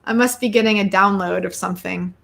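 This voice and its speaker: A woman's voice: mid-range voice, steady tone, brisk, creaky, fairly bright tone. A woman hosting a live tarot and astrology show, reading cards for each sign in a bubbly, chatty way with frequent exclamations and asides to viewers.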